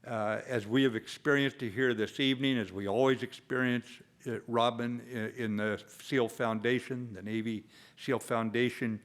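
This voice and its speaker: An older man, a retired general, giving a speech with a personal war story, told in a measured way with frequent fillers. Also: medium pitch, fairly even intonation.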